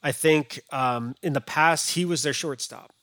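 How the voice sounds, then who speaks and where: A man's voice: a little high, unhurried, fairly bright tone, no echo. A man as a podcast guest, talking casually and hesitantly with many restarts. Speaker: podcast guest, fantasy baseball analyst.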